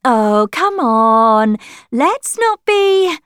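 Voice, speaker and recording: A woman's voice: on the high side, very animated, slow, dry recording, clean studio sound, voice pushed up. Woman doing a guarded, politely cool wife. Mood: firm. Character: tense pregnant stepgrandmother, guarded and polite.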